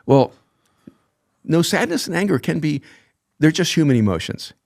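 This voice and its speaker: A man in his sixties, a podcast guest speaking in a thoughtful, measured, reflective way. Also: a little high, sing-song, gravelly, a little mellow. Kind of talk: reflective conversation.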